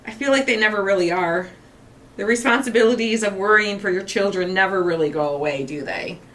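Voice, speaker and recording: A woman's voice: mid-range voice, a little fast, a bit bright. A woman in her forties hosting a craft show, chatting casually and gushing with emotion. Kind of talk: casual livestream chat while crafting.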